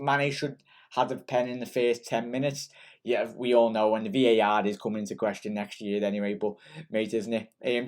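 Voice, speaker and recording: A young man from Liverpool with a Scouse accent, chatting excitedly and rambling through viewer comments after a match. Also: mid-range voice. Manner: excitable and rambling, many ums and restarts. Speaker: football fan channel host. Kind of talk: casual post-match chat reading comments.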